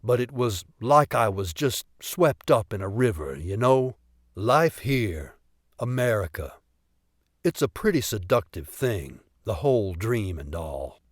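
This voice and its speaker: A man reading an audiobook voices a weary, rueful middle-aged cop and former radical, speaking slowly and heavily. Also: lowish voice, sing-song, no room sound, studio quality. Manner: slow, heavy, rueful. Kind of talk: audiobook character voice.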